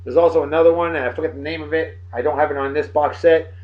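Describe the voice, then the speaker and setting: A man, giving casual, jokey and sarcastic commentary in a video blog, with big swings between loud and soft. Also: a little high, steady tone, quick pace. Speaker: video blogger. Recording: dull lo-fi recording.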